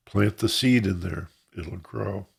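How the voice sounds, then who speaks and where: A man's voice: low-pitched, slow pace, creaky, slightly rough. A man teaching an online class, explaining in a rambling way and imitating sounds to make his points, heard over a video call. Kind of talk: informal online class talk.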